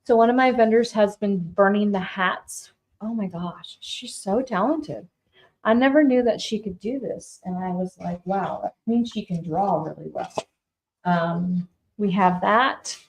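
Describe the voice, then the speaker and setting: A woman at a mid-range pitch hosts a live do-it-yourself painting demonstration from her shop. She is chatty and upbeat, and talks straight to the people watching as if they were friends. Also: measured pace, darkish tone, poor audio. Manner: chatty, upbeat, talks straight to viewers and calls them by name. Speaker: shop owner hosting a live DIY demo. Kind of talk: casual live crafting demonstration.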